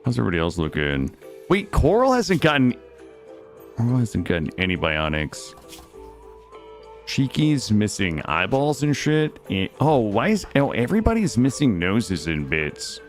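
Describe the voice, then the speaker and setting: A man's voice: mid-range voice, wildly swooping pitch, moderate pace, soft background music. A young man streaming a game, chatting playfully with his viewers and swearing casually. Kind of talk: casual gaming stream chat.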